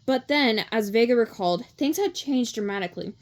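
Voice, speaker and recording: A woman reads a children's novel aloud for a read-along, her voice sitting fairly high. She keeps a steady pace, now and then tripping over a word and correcting herself before carrying on. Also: a little fast. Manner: steady reading with small slips and self-corrections.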